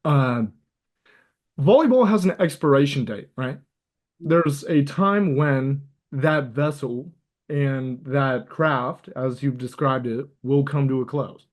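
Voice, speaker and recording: A man hosting a podcast who asks thoughtful, measured interview questions. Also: medium pitch. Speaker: podcast host.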